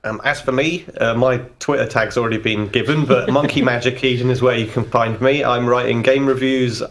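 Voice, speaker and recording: A man's voice: mid-range voice, steady tone, brisk. A man in a casual podcast chat as a guest, talking in a wry, self-deprecating way. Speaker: podcast guest, tabletop player.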